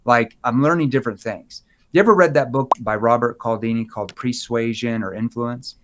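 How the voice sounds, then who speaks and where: A man's voice: mid-range voice, brisk, noisy background. A man on a podcast explaining sales techniques, acting out sample lines in shifting tones. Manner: animated, acts out sample dialogue with shifting tones. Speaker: sales trainer guest. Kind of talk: podcast interview, demonstrating tones.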